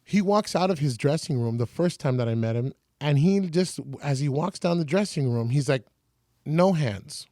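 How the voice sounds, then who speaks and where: Lively storytelling man, slightly high voice. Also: moderate pace, few pauses, no room sound, studio quality. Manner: lively, acts out other people's lines. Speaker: podcast guest, radio personality. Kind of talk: casual storytelling.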